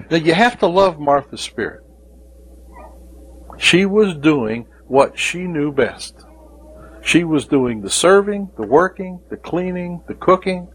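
A man's voice: fairly high pitch, lively intonation, slow pace, a bit bright, husky, low-quality recording. A man preaching a devotional sermon, speaking in an emphatic way and repeating key phrases.

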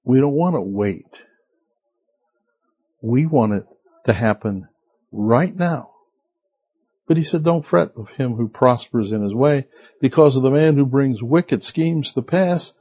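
A man's voice: medium pitch, a little mellow, husky. A man preaching a conversational sermon as pastor, asking the listeners rhetorical questions.

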